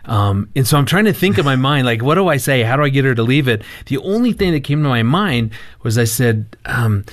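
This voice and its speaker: A man in a casual conversation, telling a family story in an animated way and acting out the quoted lines. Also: medium pitch, brisk, hardly any pauses, dry recording, clean studio sound. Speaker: marriage counselor and guest.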